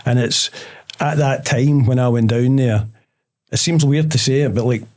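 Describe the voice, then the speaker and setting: A man's voice: mid-range voice, normal speed, darkish tone. A Scottish man in his fifties, a guest on a casual chat show, telling stories and laughing often. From Scotland. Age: 50s. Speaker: guest, TV producer and actor.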